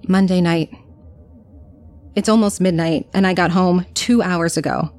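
A young woman reads a horror tale as a first-person diary, her delivery anxious and confessional. Her voice sits a little low for a woman. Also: measured pace, a little mellow, faint music behind. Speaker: narrator. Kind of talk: scripted horror story narration.

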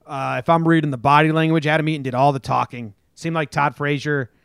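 A man's voice: a little high, steady tone, fairly quick, vocal fry, a bit bright, clear, resonant tone, no room sound, clean studio sound. A man from New Jersey hosting a casual sports talk podcast, telling stories in a rambling way and swearing freely. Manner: rambling storyteller, swears, acts out quotes. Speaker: podcast host.

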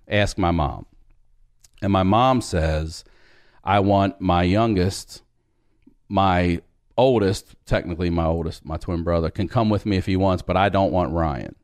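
Brief: man in his 40s, low voice, dry close mic, lively storyteller who acts out voices. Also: unhurried, no echo. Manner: animated storyteller, acts out dialogue, swears freely. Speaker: podcast guest. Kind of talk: storytelling in casual conversation.

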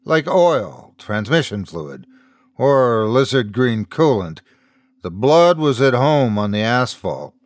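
Expressive male horror storyteller. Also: mid-range voice, slow, dry recording, studio quality. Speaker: host and narrator. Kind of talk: scripted horror story narration.

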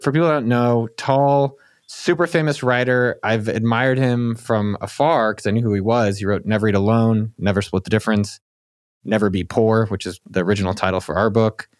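A man hosting a podcast, talking in an upbeat, excitable, salesy way, then chatting casually with his guest. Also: moderate pace, dry recording. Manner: upbeat, salesy, excitable delivery with sudden pitch jumps. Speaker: podcast host. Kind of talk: energetic podcast intro and casual interview.

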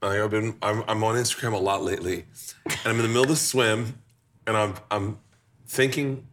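A man in his forties hosting a cooking show, telling stories in a lively, joking way with some swearing. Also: fairly low pitch, brisk, a little hiss or hum. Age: 40s. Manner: animated storyteller, swearing, laughing. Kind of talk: casual chat. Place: kitchen on a show set.

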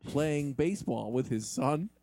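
A man with a mellow, dark voice narrates and bosses a comedy sketch in deadpan fashion. His sound is close and dry, with nothing around it. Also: a little high, unhurried, vocal fry, no echo. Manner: deadpan, bossy, exasperated. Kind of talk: improvised comedy.

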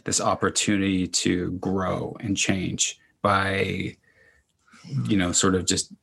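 A man hosting a casual podcast interview, encouraging and affirming his guest in slow, thoughtful phrases. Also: low-pitched, level tone, gravelly, a bit bright, husky. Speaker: podcast host.

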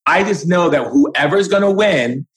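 A man's voice: on the high side, animated, unhurried, rough recording. A man speaking as a spiritual guide in an impassioned, preachy way, acting out quoted conversations.

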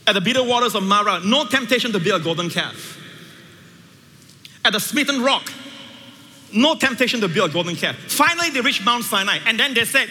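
A male pastor preaching a sermon, emphatic, swinging between loud high peaks and hushed low passages. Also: animated, brisk, pauses often. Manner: emphatic, with sweeping shifts between loud highs and quiet lows. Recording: reverberant hall with faint ambience.

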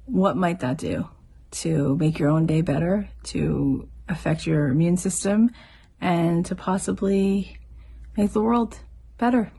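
A woman's voice: fairly low pitch, takes it slowly, gravelly, dark tone, breathy edge. A middle-aged woman hosting a podcast, telling a heartfelt story in an earnest, motivational way. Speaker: podcast host.

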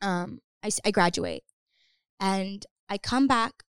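A woman's voice: mid-range voice, wildly swooping pitch, smooth, no echo, studio quality. A young woman, a podcast guest, telling a personal story in a chatty way full of "like" fillers. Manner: fast, chatty, lots of "like" fillers. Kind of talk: casual storytelling.

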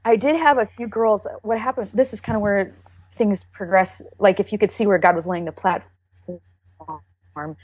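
A woman's voice: mid-range voice, a little mellow, breathy edge. Earnest Texas woman sharing her testimony. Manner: earnest and emotional, with halting restarts. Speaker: interview guest. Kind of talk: candid faith testimony.

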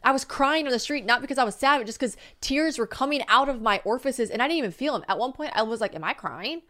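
Fast-talking woman in her late twenties. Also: high-pitched. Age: late 20s. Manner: animated, laughing, swearing freely. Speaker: podcast co-host. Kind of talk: casual chat.

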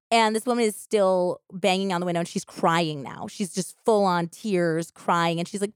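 A woman with a somewhat low voice co-hosts a podcast and retells a true crime case in a lively, casual way. She fills her talk with "like" and acts out what the people said. The sound is dry and close. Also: moderate pace, few pauses, clean tone, no echo. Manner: animated retelling with lots of "like" and quoted voices. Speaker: podcast co-host. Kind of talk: true crime storytelling chat.

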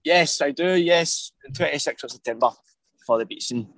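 A man's voice: on the high side, moderate pace, a bit bright, no echo, low-quality recording. A Scottish man calling in to a football podcast, hesitant and full of ums and ayes. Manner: hesitant, filler-heavy, 'um' and 'aye'. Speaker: caller. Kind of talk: casual chat.

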